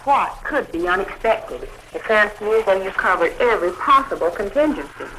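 A woman interviewing a guest on a scripted 1940s radio broadcast, asking lively, bantering questions. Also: mid-range voice, brisk, a little hiss or hum, low-quality recording.

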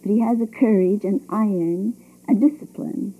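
A woman speaking earnestly as a guest on a 1940s radio interview, halting and restarting her sentences. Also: medium pitch, steady tone, mellow, breathy edge, low-quality recording.

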